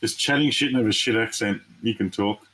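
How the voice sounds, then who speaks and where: A man's voice: fairly low pitch, a little fast, rough recording. A man from Australia hosting a live trading card break, chatting casually with viewers and reacting to each pull. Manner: chatty, excitable, talks to viewers. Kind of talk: casual live-stream commentary.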